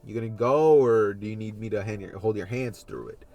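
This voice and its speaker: A man's voice: on the low side, a little fast, a little mellow, lo-fi sound, lightly acted. A man voicing a stern, tired male teacher who speaks bluntly and scolds his class.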